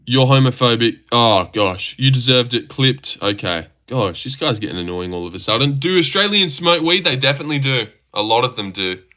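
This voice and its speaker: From a home setup, a young man talks into a desk mic while hosting a casual livestream reacting to fights. His bright, forceful, middling-pitched voice moves briskly with lively intonation and hardly any pauses as he rambles, swears, and trips over words answering chat.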